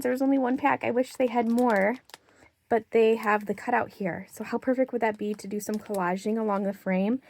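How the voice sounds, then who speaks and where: Young woman vlogger, chatty bargain show-and-tell, a bit breathless, faint noise and crinkling packaging behind her. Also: mid-range voice. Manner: chatty, excited about bargains, reads out prices. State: slightly out of breath. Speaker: craft haul vlogger. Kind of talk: casual show-and-tell haul.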